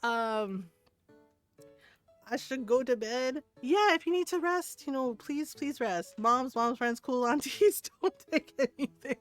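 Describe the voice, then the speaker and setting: A woman's voice: high voice, measured pace, soft background music. A woman livestreamer chatting casually with her viewers, answering chat and telling stories with frequent laughs.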